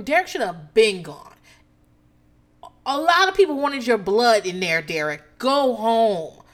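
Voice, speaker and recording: A woman casually recapping a reality TV episode, animated and profane, laughing often as she talks. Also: mid-range voice. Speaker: TV recap host.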